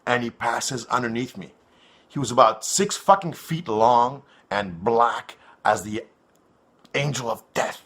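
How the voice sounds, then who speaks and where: A man's voice: medium pitch, animated, measured pace, fairly bright tone. A man from North America hosting his own online show, rambling through a crude, swearing monologue full of fillers.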